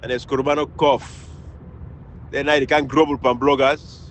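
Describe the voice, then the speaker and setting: A man from Sierra Leone with a Krio accent, delivering a fiery, scolding political rant that swings between loud outbursts and low mutters. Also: little pitch movement, moderate pace, a little hiss or hum, poor audio. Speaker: political commentator.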